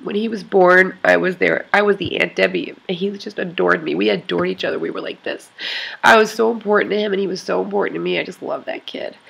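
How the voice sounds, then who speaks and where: Crying woman venting to her online fans, husky breathy voice, gravelly fry, halting and rambly. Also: fairly low pitch, fairly even intonation, fairly bright tone. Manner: rambling and halting, with many restarts and sighs. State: tearful, crying. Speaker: vlogger addressing her online club. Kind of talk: emotional confessional vlog.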